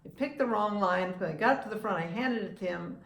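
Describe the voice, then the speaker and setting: A woman in her seventies from the United States talks to camera on her own vlog, opinionated and chatty. She often breaks off and restarts her sentences. Her voice sits at an ordinary pitch, and the room around her is noticeably echoey. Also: a little fast, creaky. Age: 70s. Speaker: vlogger and humorist. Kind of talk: casual talking-to-camera vlog.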